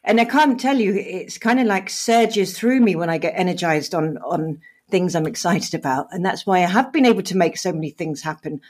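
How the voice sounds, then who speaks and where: A woman's voice: on the low side, moderate pace, husky. A middle-aged woman co-hosting a podcast, chatting openly over a video call, laughing often and speaking with feeling. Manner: animated, laughs often, emotional and open. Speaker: podcast co-host.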